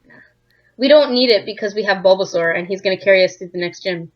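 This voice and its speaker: A woman's voice: mid-range voice, fast. A woman bantering playfully with a friend while playing a video game, on a dull lo-fi mic. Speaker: co-host of a game playthrough. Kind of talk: casual gaming commentary.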